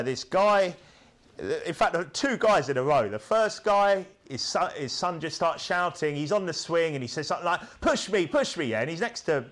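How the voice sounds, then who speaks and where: Preacher guy, sermon, bit high voice, very animated, keeps going "okay? yeah?" at the crowd. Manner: punchy, rhetorical, keeps checking in with tag questions.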